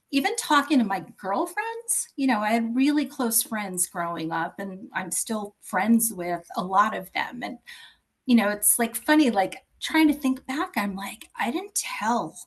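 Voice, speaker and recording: A woman's voice: medium pitch, animated, measured pace, rough recording. A woman in her fifties, a podcast guest, talking candidly and reflectively, sometimes dropping almost to a whisper. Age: 50s. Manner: reflective, chatty, drops to near-whisper for secrets. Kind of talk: candid personal interview.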